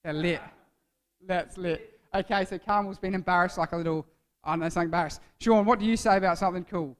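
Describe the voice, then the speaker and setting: A man's voice: sits high, fairly even intonation, fast talker, clear, resonant tone. A man preaching to a youth group in a playful, joking way, quizzing the audience by name. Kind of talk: interactive youth sermon.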